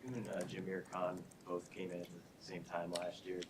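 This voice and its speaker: A male reporter with a low voice asks his question in an almost completely flat tone. He sounds distant from the mic, buried in loud background noise. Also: normal speed. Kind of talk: press conference question.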